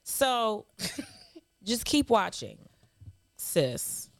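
A woman's voice: medium pitch, very animated, very slow, gravelly, no echo. A sassy podcast co-host in her thirties, a woman who mocks the messages she reads aloud. Her voice sits in an ordinary middle range for a woman. The recording is dry, with no room sound. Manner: sassy, mocking, reads hate mail aloud with laughter. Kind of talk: casual chat.

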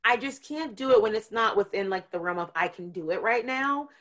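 A woman co-hosting a podcast, telling everyday stories in a casual, animated way and acting out her own quotes. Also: mid-range voice, fairly quick. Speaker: podcast co-host. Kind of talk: casual chat.

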